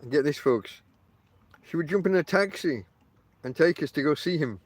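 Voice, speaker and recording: A middle-aged northern English man whose accent blends Yorkshire and Lancashire talks in a slightly high voice, meandering through his story with fillers and restarts. He speaks right into the mic outdoors, with a dry, close sound and no room around him. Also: animated, moderate pace, breathy edge, no room sound. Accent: northern English, mixed Yorkshire and Lancashire. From England. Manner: meandering, chatty, many ums and restarts, addresses listeners directly. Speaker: podcast host. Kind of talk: casual rambling monologue to listeners. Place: outdoors on the coast.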